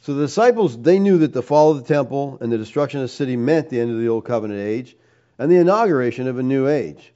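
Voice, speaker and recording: Emphatic preacher man, mellow voice. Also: medium pitch, animated, fast, dull audio. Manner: emphatic, rhetorical questions, tags "all right?". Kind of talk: sermon teaching.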